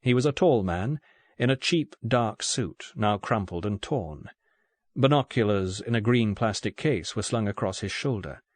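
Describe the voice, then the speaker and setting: A man narrating an audiobook in a steady, even reading voice. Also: lowish voice, a little slow, dry recording. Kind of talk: scripted narration.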